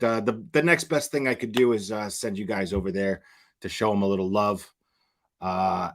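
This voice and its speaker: A man hosting his channel in casual livestream commentary, crude and profane, rambling with repeated restarts. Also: fairly low pitch. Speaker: channel host.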